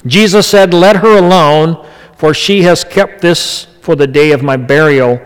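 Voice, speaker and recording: A pastor giving a conversational sermon to his congregation, moving between quiet asides and emphatic, raised passages. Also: on the high side, unhurried, clean tone, long reverb tail, rough recording.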